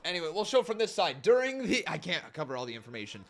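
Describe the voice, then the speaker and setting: A man's voice: a little high, sing-song, fast, a bit bright. A man hosting a live stream watch-along, commenting with upbeat energy, laughing often and chatting with his viewers. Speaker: host.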